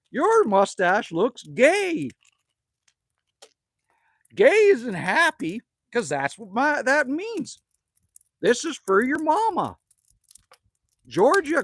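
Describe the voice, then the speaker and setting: Extremely high in pitch and fairly bright, this man's voice is captured in a dry recording. He's a Manitoba, Canada livestream host talking casually from indoors at a cabin with a wood stove, rambling on, making jokes and reading chat aloud.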